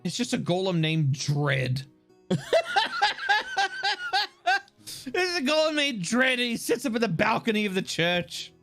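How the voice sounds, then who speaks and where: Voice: mid-range voice, big pitch swings, moderate pace, gravelly, hardly any pauses, fairly bright tone, soft background music. A livestreamer giving casual, joking gameplay commentary, swearing freely along the way.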